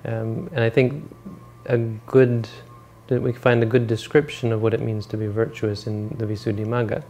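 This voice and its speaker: A man giving a dharma talk, retelling a story in a relaxed, rambling way and correcting himself as he goes. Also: lowish voice, moderate pace, faint music behind. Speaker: meditation teacher.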